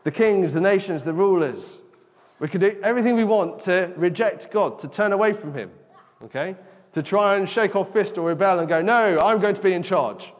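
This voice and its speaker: A man's voice: high voice, moderate pace. A man giving an interactive children's talk in church, chatty and often asking "okay?". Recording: long echo of a large hall.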